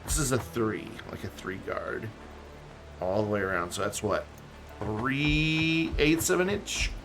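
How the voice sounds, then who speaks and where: A man streaming a game live, chatting loosely and reading chat aloud. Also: mid-range voice. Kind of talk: casual live-stream chat while gaming. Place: home room with background music. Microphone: desk mic and webcam.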